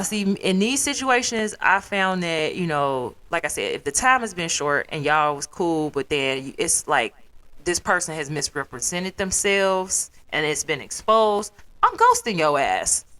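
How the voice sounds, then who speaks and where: A young woman from the South Side of Chicago with a Chicago accent, hosting her own podcast as a blunt, profane solo rant that slips into mimicked quotes. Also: mid-range voice. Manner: profane, blunt, animated storytelling with put-on quotes. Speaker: podcast host.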